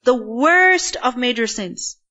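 A woman's voice: a little high, lively intonation, takes it slowly, sharp tone, highs cut off. A woman teaching a religious lecture, explaining step by step and often asking her listeners whether they follow. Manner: explains step by step with frequent checking questions. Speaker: Quran teacher.

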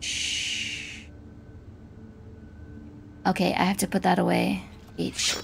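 A woman's voice: fairly low pitch, completely flat delivery, fairly quick, gravelly, a little hiss or hum. A woman commenting casually while playing a game, swearing and squealing when startled. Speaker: gaming streamer. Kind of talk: casual let's-play commentary.

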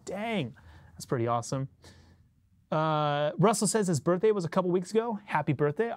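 A relaxed man chats with his livestream viewers in a loose, rambling way, chuckling between thoughts. His voice sits a bit higher than most men's and comes across close and dry, with hardly any room sound. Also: no room sound. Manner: laid-back, rambling, chuckles often. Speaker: bassist hosting a livestream. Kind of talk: casual livestream chat with viewers. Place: recording studio.

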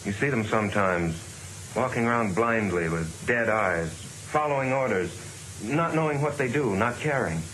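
A man's voice: on the low side, lively intonation, moderate pace, a bit bright, a little hiss or hum, low-quality recording. An actor in an old film clip playing a grave local man who solemnly explains what zombies are.

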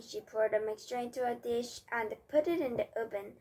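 A woman's voice: fairly high pitch, dark tone, husky. A woman whose first language is Korean reading an English storybook aloud, carefully and with frequent restarts. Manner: slow, careful, with slips and restarts. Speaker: reader.

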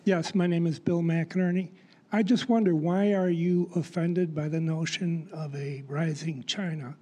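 A man's voice: on the high side, steady tone, a little slow, warm tone. A man from the audience introducing himself and asking a direct question of the speaker. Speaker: audience member.

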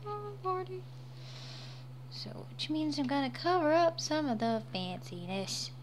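A woman's voice: sits high, animated, normal speed, a little hiss or hum. A woman streaming as she draws, chatting casually, laughing often and swearing freely. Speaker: livestreamer. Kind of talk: casual livestream chat while drawing.

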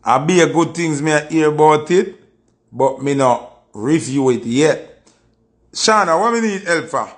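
Reviewing tracks on a laid-back livestream, a man with a Jamaican accent is boastful and forceful and repeats himself. He has a fairly high voice with lively intonation and a measured pace.

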